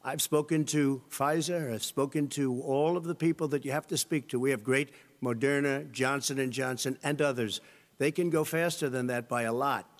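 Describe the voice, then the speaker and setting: A man's voice: mid-range voice, steady tone, moderate pace. An older man debating on a televised stage, combative, interrupting and repeating his claims. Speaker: debate candidate. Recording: long reverb of a large hall.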